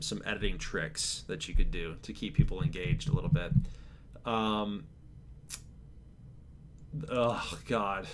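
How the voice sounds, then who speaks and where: A man hosting his channel, reading out viewer survey answers in a laid-back, chill way, calling his own voice monotone and chuckling now and then. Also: fairly low pitch, noisy background. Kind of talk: casual chat to camera.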